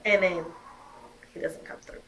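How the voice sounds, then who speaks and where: A woman's voice: unhurried, a bit bright, slight background noise. A young woman telling her own story as a mother, emphatic and heated, swearing often. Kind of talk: emotional personal storytelling.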